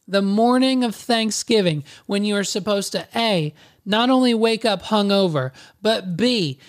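A man's voice: high-pitched, unhurried. A man podcaster telling a comedic story in a sarcastic, rambling way.

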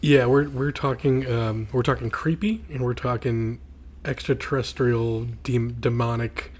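A man's voice: mid-range voice, steady tone, unhurried, darkish tone. A married man co-hosting a podcast in casual chat, rambling with fillers and restarts. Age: adult, married. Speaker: podcast co-host.

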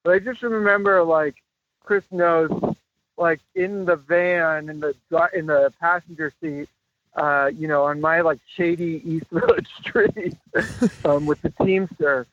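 A man's voice: on the high side, measured pace, slight background noise. A man guest on a call-in interview, telling rambling stories with many fillers and frequent laughs. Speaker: guest actor. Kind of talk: casual interview over a call. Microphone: phone call. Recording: tinny phone line.

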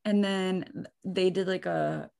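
A woman's voice: medium pitch, slow pace. A young woman co-hosting a podcast, chatting casually and animatedly with lots of "like". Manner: chatty and animated, heavy use of "like". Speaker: podcast co-host. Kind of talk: casual chat, storytelling.

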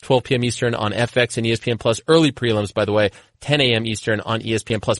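A man hosting a sports radio show, energetic and excited as he reads promos and takes calls. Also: medium pitch, fast talker, few pauses, dry recording, studio quality. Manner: energetic, excited, hypes upcoming segments. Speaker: radio host.

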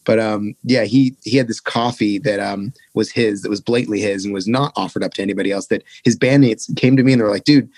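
A man's voice: lowish voice, fast talker, hardly any pauses, a little mellow, no echo. A young man casually telling a rambling, profane touring story as a podcast guest.

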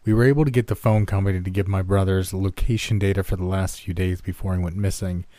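A man's voice: sits low, fairly even intonation, quick pace, dark tone, no room sound, natural voice. A man voicing a grim, annoyed young man searching for his missing brother, speaking curtly and grudgingly. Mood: flat. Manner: curt, grudging.

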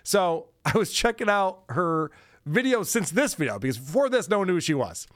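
A man's voice: high voice, sing-song, moderate pace, fairly bright tone, no room sound, studio quality. A man hosting a podcast, giving sarcastic, mocking commentary on clips and laughing often. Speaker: podcast host. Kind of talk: casual commentary on played clips.

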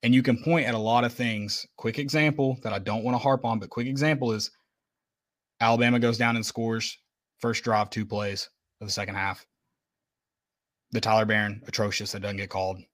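A man's voice: on the low side, steady tone, brisk. A man co-hosting a casual sports podcast, venting bluntly and with emphasis about a loss. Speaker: podcast co-host.

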